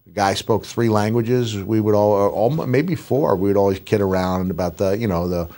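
A middle-aged man and retired wrestler telling animated, rambling stories in a casual podcast chat. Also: fairly low pitch, moderate pace. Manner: animated, rambling anecdotes with restarts.

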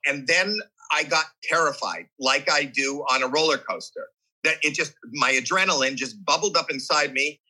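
A man in his sixties tells his story as an interview guest, animated and restless. His voice sits a little high and sounds sharply tense, with a husky edge. He jumps between restarts and acted-out reactions. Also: normal speed, rough recording. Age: 60s. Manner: animated, acts out voices and reactions while recounting; restless, frequent restarts and repeated words. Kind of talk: candid storytelling conversation.

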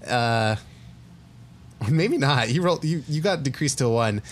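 A man's voice: medium pitch, animated, normal speed, a little hiss or hum. A young man narrating as game master of a tabletop game, casual and rambling with many fillers.

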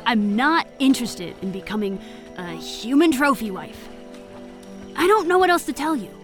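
A woman's voice: a little high, expressive, normal speed, a bit bright, faint music behind. A woman voicing a gloomy young swan maiden in a fantasy audio drama, sulky and sighing, given to frustrated outbursts. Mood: earnest. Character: gloomy young swan maiden who resents their fate.

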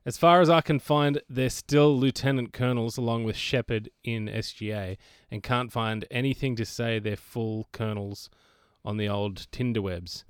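A man's voice: medium pitch, fairly even intonation, smooth, no room sound, studio quality. Easygoing man reading listener mail. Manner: easygoing, reads messages aloud with quick asides. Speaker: podcast co-host.

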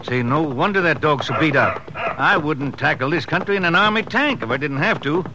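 An actor playing a skeptical country sheriff with a drawling rural way of speaking in an old radio drama. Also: male voice, on the high side, animated, moderate pace, lightly acted. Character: folksy, skeptical adult male Western sheriff. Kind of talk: 1950s radio drama acting. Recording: hissy old radio broadcast.

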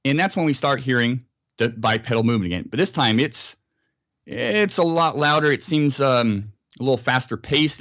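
A man's voice: medium pitch, animated, moderate pace, a bit bright, no room sound, studio quality. An American man, a podcast guest, telling a story in a casual interview and acting out sounds and quotes.

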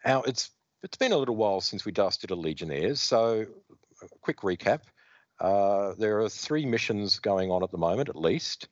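Low, lively man reading a comic. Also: moderate pace, dry recording. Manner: reads out credits and panels, animated storytelling. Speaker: podcast host. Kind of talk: casual comic book discussion. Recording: dull dry sound.

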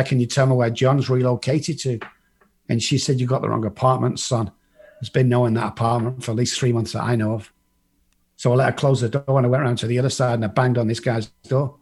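A man's voice: medium pitch, flat delivery, fast, a little mellow, husky. An English man telling his life story in a blunt, casual way, swearing freely and acting out what other people said. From England.

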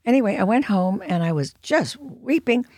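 A woman in her nineties telling anecdotes as a guest in an interview, lively and wry, acting out what people said. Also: mid-range voice, normal speed, no room sound. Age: 90s. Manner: lively storyteller, acts out quotes, wry.

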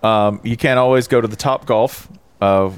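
A man playing a laid-back college football coach, answering in a rambling, hesitant, deadpan way during a comedic bit in a casual chat. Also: mid-range voice, normal speed, clear, resonant tone, dry recording, natural voice.

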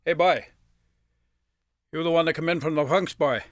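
A man voicing a gruff, friendly older Newfoundland fisherman who talks bluntly and keeps calling people boy. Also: on the high side, moderate pace, no room sound, studio quality, natural voice. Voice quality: blunt, folksy, calls everyone boy. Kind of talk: live storytelling performance.

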